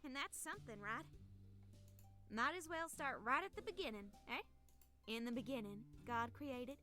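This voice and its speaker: A woman voicing an anxious, devout young woman in a game, nervous and quick to protest. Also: high-pitched, animated, pushed and bright, faint music behind. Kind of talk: video game voice acting.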